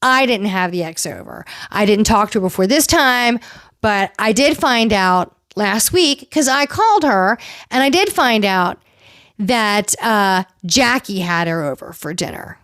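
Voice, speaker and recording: A woman's voice: mid-range voice, dry recording, studio quality. A woman host casually recapping a reality TV episode, animatedly acting out what the cast said. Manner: animated retelling, acts out quotes. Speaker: podcast host.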